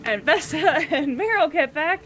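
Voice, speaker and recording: A woman's voice: high-pitched, animated, unhurried, a bit bright, slight background noise. Chatty woman recapping a tabletop game. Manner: chatty, giggly, acts out party members' lines. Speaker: player recapping the previous session. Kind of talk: casual recap chat.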